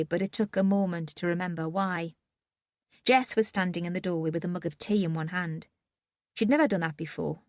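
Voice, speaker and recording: A woman's voice: on the low side, no room sound, clean studio sound. A woman reading a first-person audiobook in a subdued, wry manner. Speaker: audiobook narrator.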